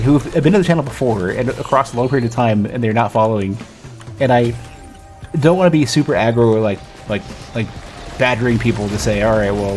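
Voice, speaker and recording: A man's voice: mid-range voice, darkish tone. A man streaming a video game, chatting casually and rambling with many restarts. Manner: rambling, self-interrupting, lots of restarts. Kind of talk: casual gaming stream chat.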